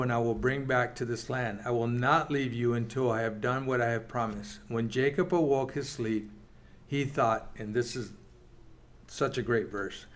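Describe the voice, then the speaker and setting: Male Bible class teacher, mid-pitched, earnest, reads scripture and chats with the room. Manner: earnest, reads scripture aloud, quick asides. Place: church meeting room.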